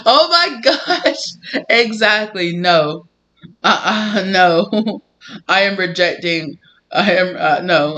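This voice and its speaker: A man giving a casual tarot reading to camera, animated and emphatic, often breaking into laughter. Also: fairly high pitch. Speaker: tarot reader.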